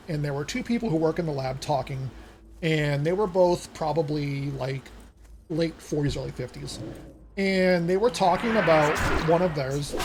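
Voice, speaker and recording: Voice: mid-range voice, a little mellow. A streamer chatting on a live broadcast, spinning long, meandering stories. They act out the people they quote. The mid-range voice has a faint hiss behind it. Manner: rambling anecdotes, acts out quoted voices. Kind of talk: casual storytelling on a live stream.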